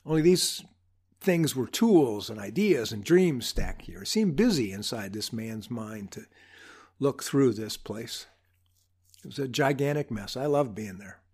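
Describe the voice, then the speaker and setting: A man's voice: mid-range voice, expressive, a little mellow, husky. Wry man telling a reflective story. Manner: wry, unhurried, humorous asides. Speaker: podcast host.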